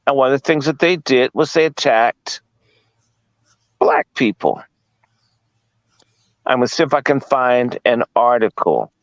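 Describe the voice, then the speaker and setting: A man's voice: medium pitch, animated, unhurried, long pauses, no echo, highs cut off. A man from Washington, D.C. giving a casual lecture, firing rhetorical questions at his listeners, blunt and profane. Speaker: guest speaker.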